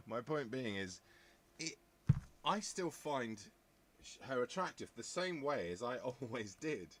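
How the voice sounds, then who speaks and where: A man's voice: medium pitch, lively intonation, slow pace, pauses often, a bit bright, a little hiss or hum. A man, chatting casually as a podcast host, rambling along with jokey asides. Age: 50s. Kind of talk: casual chat.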